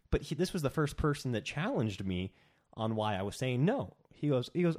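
A young man co-hosting a casual chat, telling stories in an animated way with many restarts. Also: medium pitch, a little fast. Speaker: podcast co-host.

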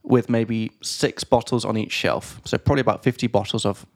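A man's voice: lowish voice, fairly even intonation, moderate pace, creaky, a little mellow. Chatty man explaining English expressions. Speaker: podcast host and English teacher. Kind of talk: casual podcast chat. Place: studio.

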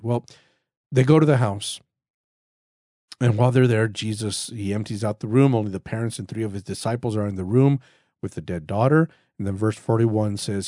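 Man, podcast Bible teacher, earnest and conversational, mellow tone, close dry sound. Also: lowish voice, fairly quick, no room sound. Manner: earnest, conversational, with frequent restarts and repetition. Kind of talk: casual spoken Bible teaching.

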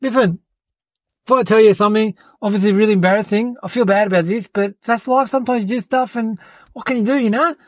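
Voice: mid-range voice, fast talker, no echo, lightly acted. An adult voicing a cheeky young boy who hosts his own podcast, rambling and fibbing, often calling people "mate". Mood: boastful. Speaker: podcast host. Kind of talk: comedic character monologue.

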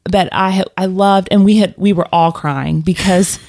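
A woman's voice: lowish voice, fairly even intonation, measured pace, darkish tone. A woman telling a personal story in casual conversation, rambling with fillers and restarts. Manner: rambling, many restarts and fillers, laughs often.

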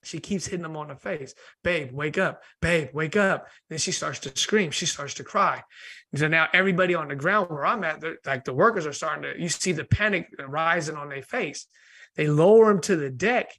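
Male guest, high bright voice, lively storyteller. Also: fairly quick, breathy edge. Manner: lively, laughs often, acts out voices. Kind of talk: animated storytelling in conversation.

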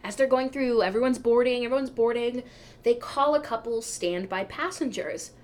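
A woman hosting a podcast, telling a travel story in a casual, animated way, her voice jumping up when she gets excited. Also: a little high, normal speed. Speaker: podcast host.

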